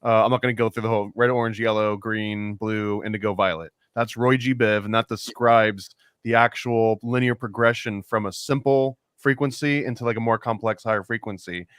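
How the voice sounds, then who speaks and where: A man's voice: lowish voice, steady tone, brisk, hardly any pauses, fairly bright tone, clear, resonant tone, dry recording, studio quality. A man in a casual conspiracy chat, explaining things in a laid-back, slangy way.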